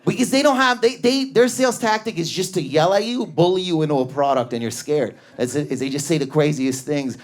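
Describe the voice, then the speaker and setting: A Canadian man doing stand-up, telling animated stories and bursting into shouted impressions of other people. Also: a little high, a little fast, few pauses. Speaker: stand-up comedian. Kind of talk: stand-up routine. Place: comedy club stage before a live audience. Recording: live club with loud crowd laughter. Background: audience laughter.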